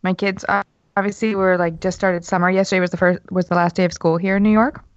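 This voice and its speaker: A woman's voice: lowish voice, level tone, fast, no room sound. Female co-host, chatty and upbeat, dry and slightly muffled remote recording. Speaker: podcast co-host, mother. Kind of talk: casual chat.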